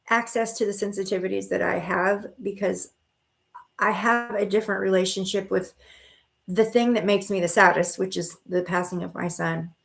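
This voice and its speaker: A woman's voice: medium pitch, vocal fry. Chatty reassuring woman hosting a live stream. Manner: warm and reassuring, calls viewers honey and sweetheart; chatty with frequent restarts and fillers. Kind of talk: casual live-stream chat.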